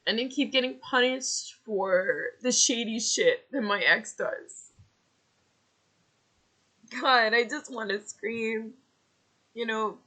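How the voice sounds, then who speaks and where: A furious woman vents straight to camera in a personal vlog, swearing freely and pushing out her words in heated bursts. Her voice is bright and cutting, sitting at an ordinary middle pitch for a woman. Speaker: vlogger. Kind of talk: angry personal rant to camera.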